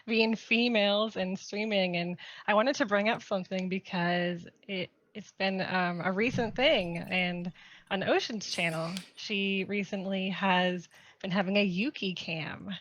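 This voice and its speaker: A woman's voice: mid-range voice, steady tone, a little slow, a bit bright, dull audio. A woman guest on a casual streaming talk show. She talks hesitantly, fills gaps with "um" and laughs a lot. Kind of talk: casual chat.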